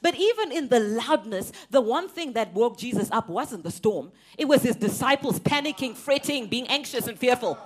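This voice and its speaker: Young woman preacher, high voice that swoops all over, animated, laughs a lot, repeats herself for punch. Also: moderate pace, few pauses, breathy edge. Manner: animated, emphatic, laughs often, repeats words. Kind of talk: sermon.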